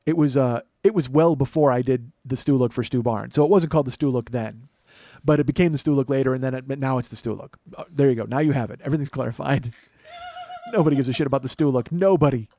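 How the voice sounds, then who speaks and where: A man's voice: mid-range voice, sing-song, fairly quick, mellow, no echo. A man hosting his own podcast, telling a long comic story in a rambling, profane, self-mocking way. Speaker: comedian podcast host. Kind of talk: solo storytelling monologue.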